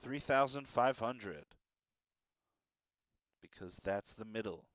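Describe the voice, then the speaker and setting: A man's voice: fairly low pitch, takes it slowly, a bit bright, dry recording. A man teaching a math lesson, encouraging and playful with joking asides.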